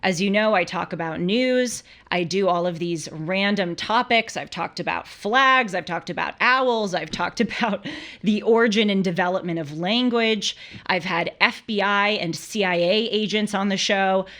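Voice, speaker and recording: A woman's voice: mid-range voice, moderate pace, a bit bright. A young woman hosting a live call-in show, chatting casually and laughing easily. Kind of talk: casual live-stream talk.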